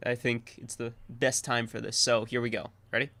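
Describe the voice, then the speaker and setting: A young man with a bright, forward voice banters on a podcast, recorded dry and close. His talk is playful and loose, peppered with slang. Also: mid-range voice, level tone, moderate pace, no echo. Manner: playful, slangy, calls people bro. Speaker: podcast co-host. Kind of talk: casual chat.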